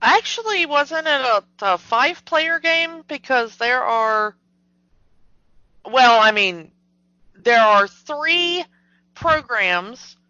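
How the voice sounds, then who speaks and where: A podcast co-host with a high, sharp voice and lively intonation talks slowly through a casual movie discussion, skeptical and animated, filling her speech with fillers. The audio is dull and lo-fi, without echo.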